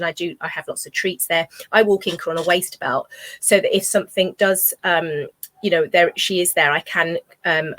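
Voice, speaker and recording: A woman's voice: lowish voice, fairly bright tone, no room sound. Chatty woman, dry close sound. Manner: chatty, rambling, many ums and you knows. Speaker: dog trainer vlogger. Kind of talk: casual talk to camera while dog walking. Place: outdoors on a walk.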